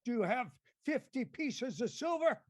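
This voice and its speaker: A man's voice: extremely high pitch, very animated, normal speed, dry recording, studio quality. A man improvising as a pompous older senator father, blustering and scolding. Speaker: improv stage actor. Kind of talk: improvised mock-Shakespearean stage acting.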